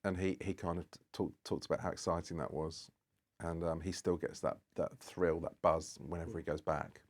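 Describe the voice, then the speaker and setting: A British man with a low voice speaks at a normal speed in a level tone. He's a podcast guest in casual chat, rambling through a long anecdote and acting out the dialogue as he tells it.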